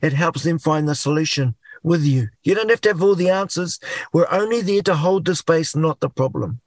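A middle-aged man with a New Zealand accent, a guest talking in an animated way and acting out inner voices. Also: on the high side, normal speed, no room sound. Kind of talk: casual chat.

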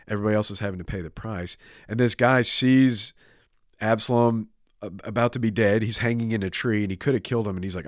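Man, pastor, casual sermon, low pitch, animated storytelling, dry recording. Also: brisk, no echo. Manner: animated retelling with voiced quotes, casual fillers.

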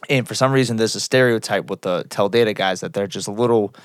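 A man's voice: on the low side, fast talker, smooth, no echo, clean studio sound. A young man co-hosting a podcast, rambling through crude stories with lots of swearing and laughter. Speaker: podcast co-host. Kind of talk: casual crude chat.

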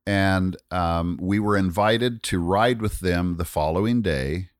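A man's voice: sits low, slow pace, clean tone, dry recording, clean studio sound. A middle-aged man telling a long, rambling story in casual conversation, restarting his sentences as he goes. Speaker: guest storyteller.

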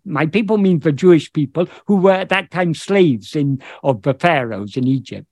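High, lively-voiced man explaining scripture. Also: normal speed, dry recording, clean studio sound. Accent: British English. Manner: thoughtful, searching for words with many restarts. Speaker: spiritual teacher. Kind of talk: explaining scripture in an online meeting. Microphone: video call.

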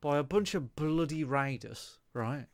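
A man's voice: a little high, expressive, unhurried. A man co-hosting a casual gaming podcast, retelling a game's plot at length and slipping into silly character voices. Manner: rambling storyteller who acts out characters in silly voices. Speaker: podcast co-host. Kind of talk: casual chat, retelling a game story.

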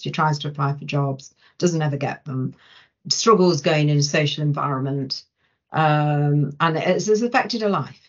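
A woman guest on a podcast, telling coaching stories in an animated way with many restarts. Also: low voice. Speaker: coaching guest, change manager. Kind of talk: conversational podcast interview. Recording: dull lo-fi podcast audio.

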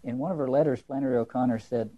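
A man lecturing with a warm, relaxed tone and a husky edge. He muses aloud, circles back over his words and keeps asking rhetorical questions. His pitch sits in an ordinary middle range. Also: racing, highs cut off. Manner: emphatic, musing, repeats words and poses rhetorical questions. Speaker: lecturer on literature and religion.

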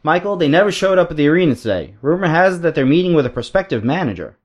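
A man voicing a female backstage reporter, read in a brisk, matter-of-fact way. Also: on the high side, very animated, voice pushed up.

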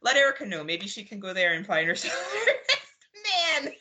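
A woman co-hosting a horror podcast in loose, casual chat. Her voice is bright and forceful, her pitch swings in a lively way, and she laughs and swears freely. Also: a little fast. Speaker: podcast co-host.

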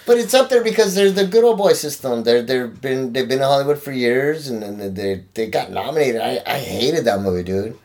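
Male actor co-host: excitable, slangy, animated delivery. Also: medium pitch, a little fast, few pauses. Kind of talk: casual podcast chat.

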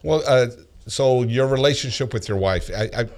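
A man's voice: medium pitch, normal speed, a little mellow. A man co-hosting a podcast, asking leading, probing questions in a casual interview.

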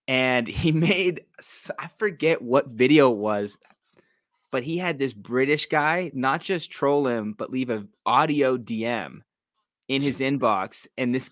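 Male podcast guest, relaxed anecdotal chatter, dry close-miked. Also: mid-range voice, dry recording. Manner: easygoing, laughing anecdotes. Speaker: guest, sports content creator. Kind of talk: casual podcast chat.

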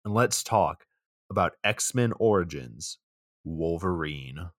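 A man with a fairly low voice recaps a film for a podcast. He narrates with sarcastic, profane play-by-play. His voice sounds dry and close to the mic. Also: lively intonation, takes it slowly, no echo. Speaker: podcast co-host. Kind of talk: comedic movie recap.

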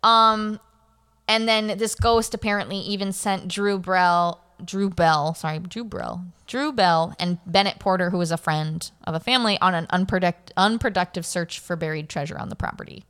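A woman's voice: fairly low pitch, steady tone, moderate pace, fairly bright tone, smooth. A woman hosting a podcast, telling a spooky story in casual chat, rambling with lots of fillers and correcting herself. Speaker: podcast host.

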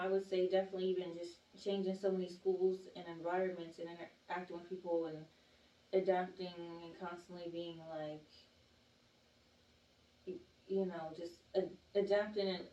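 A woman's voice: lowish voice, dark tone, highs cut off. A young adult woman from the Atlanta area, chatting as a guest and telling stories full of "like" and "you know.". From Atlanta area, Georgia. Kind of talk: casual chat. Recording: echoey room, mic from a distance, faint hiss.

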